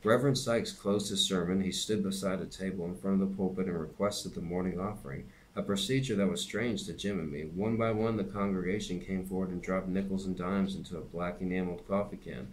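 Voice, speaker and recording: A man reading a novel aloud at a steady pace, with occasional slips and restarts. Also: deep voice, a little fast, hardly any pauses, a little hiss or hum. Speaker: reader and teacher.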